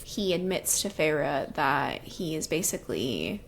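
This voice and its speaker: Slow-talking woman recapping a book. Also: deep voice, big pitch swings, a little hiss or hum. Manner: recaps the plot loosely, with many fillers like "um" and "like". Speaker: podcast co-host. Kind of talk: casual book-discussion chat.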